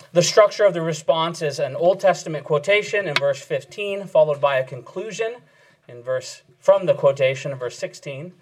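Male preacher, earnest expository sermon delivery, voice a bit above average pitch. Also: rough recording. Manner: earnest, emphatic repetition.

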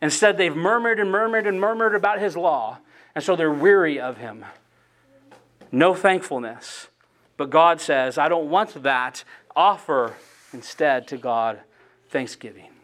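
A man's voice: fairly high pitch, unhurried, a bit bright. A man preaching an expository sermon, reading scripture aloud and stressing key phrases with earnest emphasis.

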